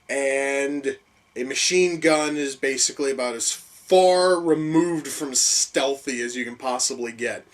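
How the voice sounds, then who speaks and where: A man reviewing movies in a profane, sarcastic rant, swinging from mutters to high-pitched outbursts of disbelief. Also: low-quality recording. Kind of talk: profane reaction commentary.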